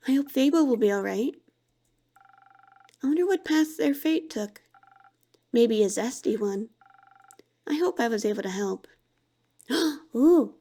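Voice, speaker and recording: A woman's voice: on the high side, lively intonation, measured pace, pauses often, mellow, slightly rough, soft background music. A woman streamer chatting casually over a cozy game, gushing with frequent gasps of delight.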